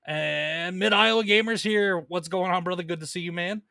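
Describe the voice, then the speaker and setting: A man's voice: sits high, fairly even intonation, moderate pace, vocal fry, sharp tone, no echo, clean studio sound. A man hosting a casual live stream about comic books, chatting loosely and reading viewer messages, with plenty of fillers and restarts.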